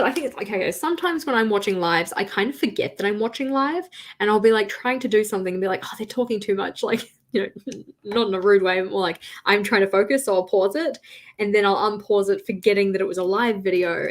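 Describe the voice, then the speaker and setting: A woman's voice: mid-range voice, a little fast. Woman, casual livestream chat, rambling and friendly, counts aloud in a sing-song, desk camera mic. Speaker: stationery livestreamer.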